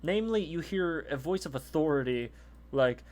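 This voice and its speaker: A man's voice: mid-range voice, big pitch swings, measured pace, fairly bright tone. A man narrating a tabletop game as game master in a casual, profane way. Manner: casual, profane, laughs easily.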